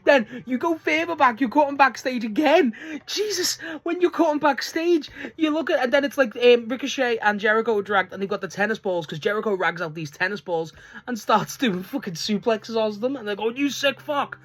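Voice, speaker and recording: A man's voice: very high-pitched, brisk. A man reviewing a wrestling show in a casual, rambling way, swearing often and laughing mid-sentence. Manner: rambling, full of restarts and filler.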